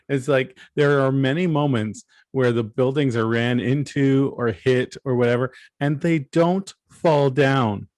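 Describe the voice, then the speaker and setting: A man co-hosting a casual podcast, relaxed, reading plot summaries aloud and adding dry jokes. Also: mid-range voice, slow pace, no room sound. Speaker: podcast co-host. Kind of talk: casual chat.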